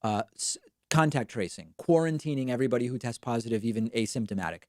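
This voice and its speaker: A man's voice: medium pitch, fast, no room sound, clean studio sound. A man hosting a live political commentary stream, talking back at clips with sarcasm. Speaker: show host.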